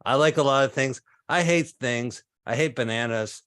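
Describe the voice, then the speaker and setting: A man in his fifties performing a stand-up set over a video call, delivering absurd one-liners in a deadpan way. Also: mid-range voice, normal speed, clear, resonant tone, no room sound, studio quality. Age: 50s. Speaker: stand-up comedian.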